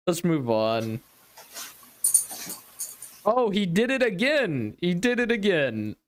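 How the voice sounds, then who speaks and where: A man's voice: high-pitched, very animated, slow, a little hiss or hum. A man hosting a livestream, giving casual reaction commentary in an incredulous, exasperated way and laughing often.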